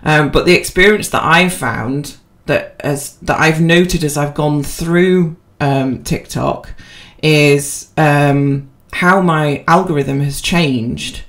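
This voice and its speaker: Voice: mid-range voice, takes it slowly, few pauses, a bit bright. Casual rambling co-host, filler-heavy, unpolished podcast chat. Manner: rambling, self-deprecating, with many fillers and restarts.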